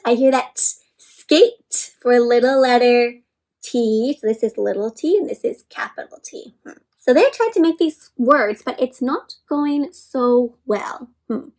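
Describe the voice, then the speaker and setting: High-voiced woman reading to kids. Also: low-quality recording. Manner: animated, asks questions, sounds out letters slowly. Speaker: children's story reader. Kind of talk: interactive read-aloud for kids.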